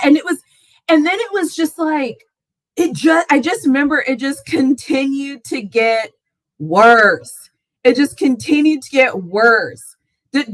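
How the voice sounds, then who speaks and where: A woman's voice: sits high, no room sound, rough recording. A woman hosting a casual live sports chat, talking animatedly and laughing often as she tells a story. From Texas fan, not origin. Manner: animated, laughs often, exclaims in rising squeals. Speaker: sports talk livestream host.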